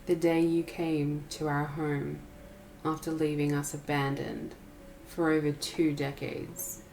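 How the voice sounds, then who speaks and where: A woman's voice: low-pitched, little pitch movement, slow pace, a little mellow, a little hiss or hum, rough recording. A woman voicing a bitter young man who confronts the father who abandoned him, speaking coldly and with contempt. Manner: cold, contemptuous, menacing.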